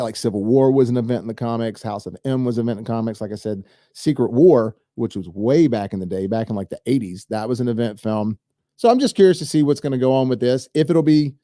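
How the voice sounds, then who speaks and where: A man's voice: mid-range voice, mellow, no echo, studio quality. A man hosting a movie news show, talking casually and at length straight to his viewers, rambling and enthusiastic. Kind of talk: casual solo commentary.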